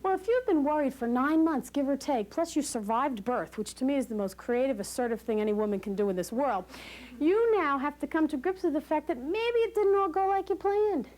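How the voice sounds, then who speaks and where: A woman leading a postpartum class for new parents, talking in an animated way, acting out quoted voices and laughing often. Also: high voice, a little fast. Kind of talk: lively educational talk to new parents. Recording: hissy 1980s VHS recording.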